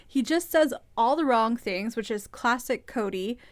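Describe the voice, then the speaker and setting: A woman with a fairly high voice talks through a reality show recap in a chatty, opinionated way. She sounds amused and frank. The sound is dry and close. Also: lively intonation, measured pace, dry recording. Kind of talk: casual commentary.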